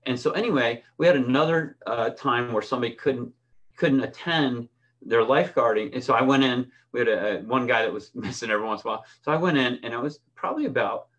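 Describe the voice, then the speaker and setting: A man's voice: mid-range voice, fast talker, fairly bright tone. A middle-aged man, a swim coach, giving a conversational lesson with personal stories, often restarting and checking in with "right?". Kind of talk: instructional talk with personal stories.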